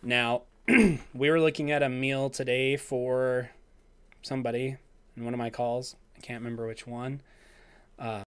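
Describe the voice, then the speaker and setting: A man with a slightly hoarse voice talks casually on a livestream. He reads out viewers' messages in a chatty way and often adds a quick "okay?" to check in. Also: medium pitch, steady tone. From Utah. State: slightly hoarse, clearing his throat. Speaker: host of a live raw dog-feeding show. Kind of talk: casual livestream talk, reading chat.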